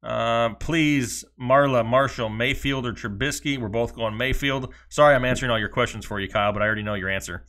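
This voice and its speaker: A man co-hosting a casual live stream. He reads viewer questions aloud in quick runs and slips in dry jokes, with an easygoing chatty rhythm. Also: medium pitch, a bit bright. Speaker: fantasy football show co-host.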